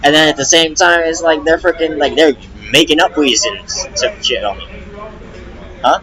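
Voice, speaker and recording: A man's voice: on the high side, moderate pace, a crowd in the background, low-quality recording. A young man, a rapper, venting on a casual live stream, rambling and agitated, full of restarts and swearing.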